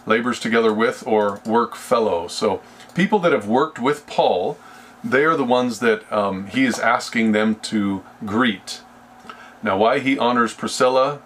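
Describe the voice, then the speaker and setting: A man teaching an informal Bible study, talking in a halting, conversational way and reading scripture aloud with emphasis. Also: on the low side, fairly bright tone, a little hiss or hum. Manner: conversational, halting, with fillers and restarts.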